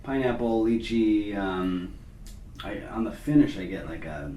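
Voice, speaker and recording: A man co-hosting a wine tasting, describing the wine in a relaxed way and searching for words. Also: fairly low pitch, measured pace. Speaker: co-host. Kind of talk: casual wine tasting chat. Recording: echoey room, distant mic, background noise.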